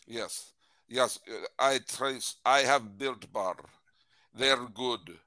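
A man's voice: mid-range voice, slow, bright, forceful tone, no echo. A man co-hosting a sports talk show, chatting casually and hamming up a sponsor read. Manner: jokey, hammy ad delivery. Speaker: podcast co-host.

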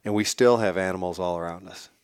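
A man as a podcast guest, telling a hunting story in a casual, animated way and acting out what people said. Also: sits low, fast talker, clean tone, no room sound, clean studio sound. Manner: animated, acts out quotes.

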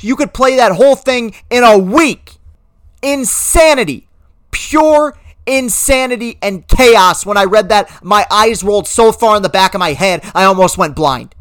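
A solo sports podcaster delivers an indignant rant, sliding from wry self-correction into loud, exasperated outbursts. The voice sits at an ordinary mid pitch. It is recorded close and dry, with no room sound. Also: lively intonation, moderate pace, no room sound. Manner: impassioned, indignant ranting with rising outbursts; self-deprecating, perfectionist asides.

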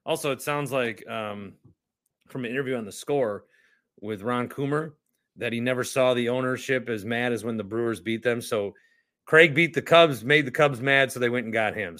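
A man's voice: mid-range voice, bright, forceful tone. A man hosting a sports talk show, ranting in a casual, indignant and profane way, often repeating himself and turning sarcastic.

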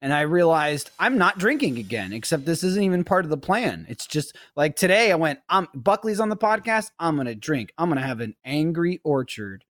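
A man in his thirties with a slightly high voice tells lively stories on a podcast, swearing freely and slipping into a squeaky kid voice when he quotes his daughter. The sound is close and dry, with no room around it. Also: moderate pace, few pauses, no room sound. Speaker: podcast host. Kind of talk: casual chat.

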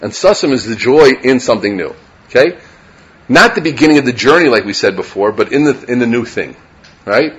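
A middle-aged rabbi teaches a room full of listeners in a loose, chatty way. His pitch sits in the middle for a man. He checks in with the audience again and again and drops Hebrew and Yiddish terms into his talk. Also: animated, a little fast, fairly bright tone, lo-fi sound. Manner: conversational, checks in with listeners by asking "right?". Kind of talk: informal Torah lecture. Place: lecture room with a live audience.

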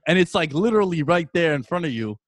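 A man in his early thirties hosting a casual sports chat, telling stories with animated energy, swearing and calling his co-host dude. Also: on the high side, quick pace, no echo.

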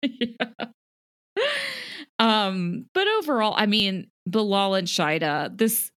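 A woman's voice: medium pitch, expressive, takes it slowly, a bit bright, clean tone, no room sound. Young woman, chatty podcast co-host, giggles a lot, dry close sound. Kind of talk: casual chat recapping a reality show.

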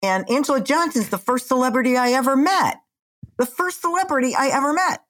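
A retired woman in her sixties, chatting casually as a podcast co-host in an animated, self-mocking way. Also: sits high. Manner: animated, chatty, quick to laugh at herself. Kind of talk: casual chat.

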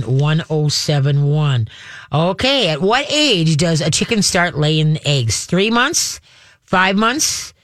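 A woman's voice: on the low side, fairly bright tone, dry recording, studio quality. Folksy, chatty woman radio host. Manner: folksy and chatty, with lots of fillers and homey sound effects. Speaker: radio call-in show host. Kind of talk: casual call-in radio talk.

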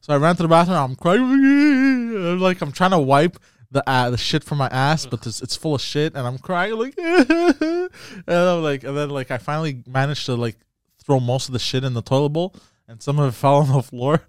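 A man's voice: mid-range voice, fast talker, dry recording, studio quality. A man telling embarrassing stories in a rambling way, laughing often and using many fillers, as a podcast co-host. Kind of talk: casual chat.

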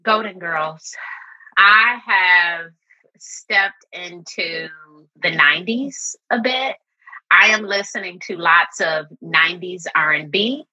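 A woman in her forties answering interview questions as a therapist, speaking in a reflective, calm, measured way with a husky voice. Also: lowish voice, lo-fi sound. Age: 40s. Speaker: therapist guest.

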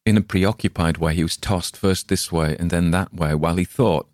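A man narrating a dark short story in a measured, ominous reading. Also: low voice, no room sound, clean studio sound.

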